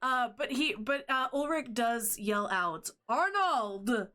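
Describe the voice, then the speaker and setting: A woman narrates a tabletop game as its game master, slowly and with a lot of stops and fillers. Her voice is bright and sits fairly high. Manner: rambling, hesitant, laughs often.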